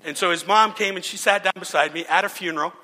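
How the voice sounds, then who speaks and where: Preaching a sermon, this man tells stories with earnest conviction, often starting over mid-thought. He talks fast in a high, pushed, bright voice, and the sound carries a long hall reverb.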